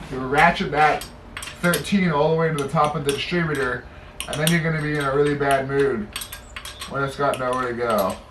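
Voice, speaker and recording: A man's voice: medium pitch, fairly quick, noisy background. A man working on a car, explaining the repair step by step in a casual, self-deprecating way and muttering to himself as he works. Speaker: mechanic demonstrating a repair. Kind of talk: casual how-to narration while working. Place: garage workshop. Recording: roomy garage, mic far off, clanking tools.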